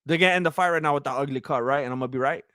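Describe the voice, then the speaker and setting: A man giving casual, excitable live commentary on a fight, joking and teasing the fighters as he watches. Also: mid-range voice, rapid-fire, dry recording, studio quality.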